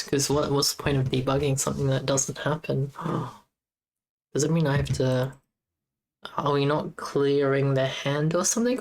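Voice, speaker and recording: A woman streaming as she debugs her game, muttering to herself in a halting, casual way. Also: rumbling low. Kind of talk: casual live-stream coding commentary.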